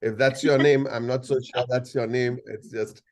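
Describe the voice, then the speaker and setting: A man's voice: medium pitch, fairly even intonation, moderate pace. Indian English man, 60s, playful storyteller speaking over a video call. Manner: playful, storytelling, jokes and asides. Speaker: guest speaker. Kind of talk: anecdotal talk to a video-call audience.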